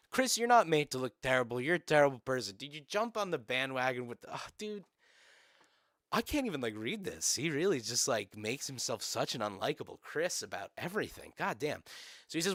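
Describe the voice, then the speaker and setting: A young man rants on a live stream, sarcastic and profane, breaking into laughs. His pitch swings widely from low mutters to high outbursts. The sound is dry and close, with no room around it. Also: sing-song, normal speed, a bit bright, no echo. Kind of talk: casual live-stream rant.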